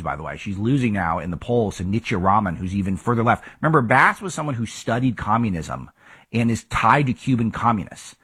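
A man's voice: mid-range voice, fairly bright tone, slightly rough. A man hosting a political talk show, giving emphatic commentary full of rhetorical questions.

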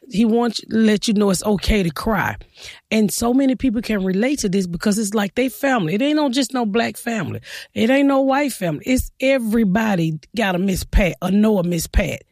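A woman stand-up comedian talks bluntly through her stories, acting out her own side of old conversations. Her voice has a gravelly edge. The sound is close and dry. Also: mid-range voice, no echo. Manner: blunt, storytelling, quotes herself in animated bursts. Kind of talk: casual interview talk.

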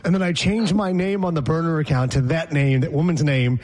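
A man's voice: on the high side, fairly even intonation, brisk, a little mellow. A man co-hosting a podcast in casual chat, blunt and sarcastic, ranting about people's habits. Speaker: podcast co-host.

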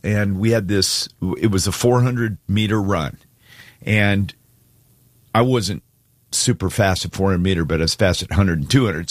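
A man co-hosting a casual talk show, telling a story with deep feeling and choking up at times. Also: no room sound, clean studio sound. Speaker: co-host. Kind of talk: casual chat.

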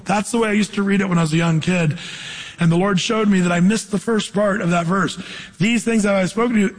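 A middle-aged male pastor preaching a sermon, quoting scripture and acting out voices with animated delivery. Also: high-pitched, fairly quick, big-room sound, rough recording.

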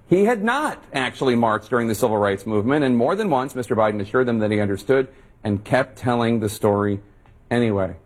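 Husky man in measured news commentary. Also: medium pitch, lively intonation. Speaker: news anchor. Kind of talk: news commentary, reading a quote.

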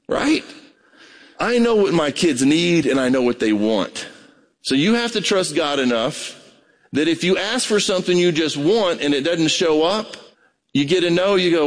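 A man preaching a sermon as pastor, conversational and animated, acting out prayers and voices. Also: fairly high pitch, normal speed. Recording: long reverb of a large hall.

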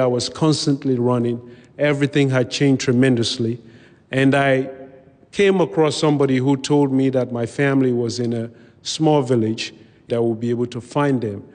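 A man recounting his own past in a measured, vivid way, pausing now and then to restart a phrase. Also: medium pitch, a little mellow. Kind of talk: personal storytelling talk. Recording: long hall reverb.

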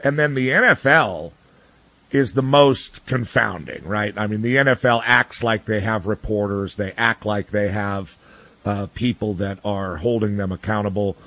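A man's voice: on the low side, normal speed, pushed and bright, dry recording. A man giving blunt, ranting sports opinions in casual talk, full of restarts and fillers. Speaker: sports commentator guest.

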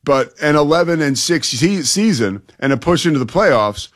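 A man's voice: on the high side, expressive, moderate pace. A man co-hosting a sports talk radio show, giving firm, emphatic opinions into a studio mic.

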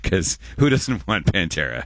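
A man's voice: deep voice, big pitch swings, measured pace, a bit bright, no room sound, studio quality. A man in his forties, hosting a radio show in casual, rambling chat and often correcting himself.

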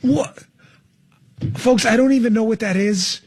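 A man's voice: extremely high pitch, a little slow, darkish tone, slight background noise. A man hosting political talk radio, sarcastic and emphatic, mocking what he hears. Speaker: radio talk show host.

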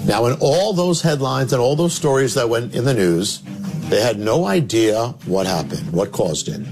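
A man who is a minister tells a story in a sermon, dramatic, with sudden drops to low, emphatic tones. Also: expressive, normal speed. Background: music.

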